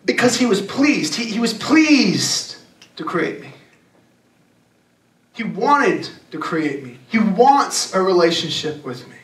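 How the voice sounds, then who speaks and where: A young adult man giving a youth sermon, talking casually and emphatically and slowing down to read scripture. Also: high voice, big pitch swings, a bit bright. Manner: emphatic, conversational preaching with slowed scripture reading. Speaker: youth pastor. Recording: echoey room, distant mic.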